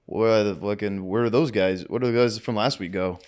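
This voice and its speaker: A man's voice: on the low side, fairly quick, darkish tone, clear, resonant tone. A young man co-hosting a casual sports podcast, brash and profane, trash-talking a rival team. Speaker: podcast co-host.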